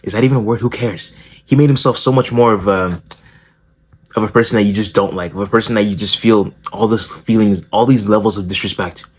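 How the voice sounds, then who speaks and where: A man's voice: on the low side, fairly even intonation, a little fast, breathy edge. A young man hosting a casual social skills video. He tells the story in a joking, profane way, with plenty of slang and self-corrections.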